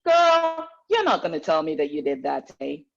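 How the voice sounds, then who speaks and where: A woman's voice: low-pitched, huge pitch swings, moderate pace, gravelly, muffled recording, full character voice. A woman putting on a Southern US accent to play a sassy Southern woman scolding a friend, with teasing, emphatic delivery.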